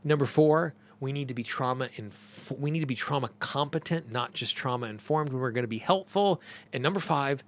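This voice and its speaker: A middle-aged man talks the listener through his lessons in an earnest, emphatic way. His voice sits at an ordinary middle pitch, and he repeats key phrases to drive them home. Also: moderate pace. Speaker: host. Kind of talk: teaching monologue.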